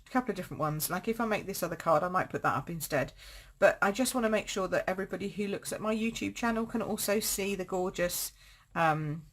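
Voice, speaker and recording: Chatty woman demonstrating crafts. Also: medium pitch. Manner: chatty, upbeat, self-mocking with frequent laughs. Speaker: card-making demonstrator. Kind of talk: live-streamed craft tutorial.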